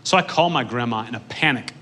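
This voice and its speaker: Male stand-up, deadpan dark-humor storyteller, bright crisp tone, handheld mic on stage. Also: mid-range voice, quick pace. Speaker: stand-up comedian. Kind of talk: stand-up comedy routine. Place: comedy stage.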